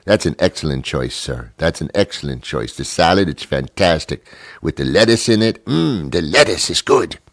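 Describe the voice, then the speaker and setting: A man voicing a fawning female restaurant waitress in a high falsetto, flattering and overly eager. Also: normal speed, no room sound, exaggerated voice. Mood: gushing.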